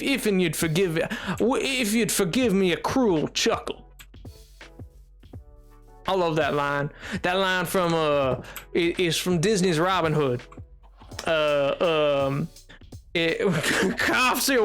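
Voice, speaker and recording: High-voiced rambling male gaming streamer. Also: expressive, takes it slowly, long pauses, a bit bright, faint music behind. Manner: rambling, often restarts and reads chat aloud. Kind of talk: casual live-stream chat while gaming.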